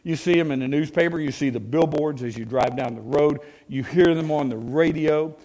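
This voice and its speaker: A man's voice: on the high side, normal speed, warm tone, poor audio. A man preaching a sermon as a pastor, folksy and plain-spoken, often asking his listeners rhetorical questions.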